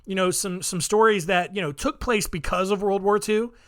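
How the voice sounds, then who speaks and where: Male podcast host, slightly higher voice, rambling, lots of fillers, dry offhand humor. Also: steady tone, moderate pace, a bit bright. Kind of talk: casual solo podcast storytelling.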